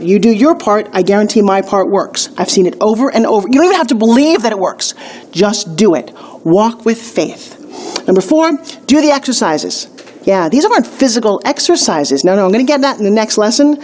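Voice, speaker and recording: A middle-aged woman giving a motivational video lesson on a weight-loss course, upbeat and emphatic, telling stories with quick asides. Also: medium pitch, a little mellow, a little hiss or hum.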